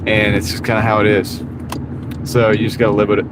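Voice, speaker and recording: A man's voice: on the low side, monotone, a little fast. Rambling Southern man chatting in a car. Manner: rambling, easygoing, self-deprecating, talks to chat. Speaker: gig delivery driver streaming live. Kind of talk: casual live-stream chat while driving. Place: inside a car at night. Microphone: wireless clip-on mic. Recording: audible road and car noise. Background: car and road noise.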